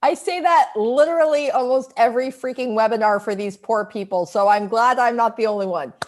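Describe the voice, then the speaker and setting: A woman's voice: a little high, a little fast, a little hiss or hum. A woman hosting a live stream interview, speaking energetically with emphatic phrasing. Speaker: host.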